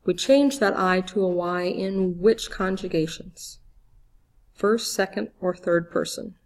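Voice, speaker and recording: A woman gives a calm grammar lesson at a very unhurried pace, her voice sitting somewhat low. She spells out letters one by one and stops to quiz the listener. Her manner stays patient and steady throughout. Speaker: Spanish teacher. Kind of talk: slow, clear grammar lesson.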